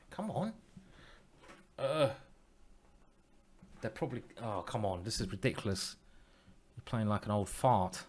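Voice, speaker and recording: Playful low-voiced man thinking aloud. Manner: playful, self-mocking, talks to himself and his opponent. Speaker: chess streamer. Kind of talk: thinking aloud while playing online chess.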